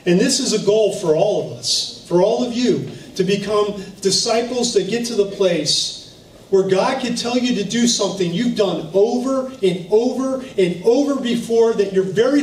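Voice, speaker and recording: A man with a high voice preaches a sermon in a church, telling personal stories with laughter. The sound is roomy and echoey, caught from a distance with faint noise behind. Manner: storytelling, animated, with laughs. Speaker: pastor. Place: church sanctuary.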